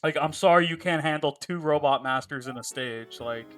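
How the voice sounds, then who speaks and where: A male streamer chats while he plays, his voice bright and a touch higher than most men's. He rambles from joke to joke and swears freely. Faint game music plays underneath. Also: moderate pace. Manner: profane, joking, rambling banter. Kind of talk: casual chat while playing a game live.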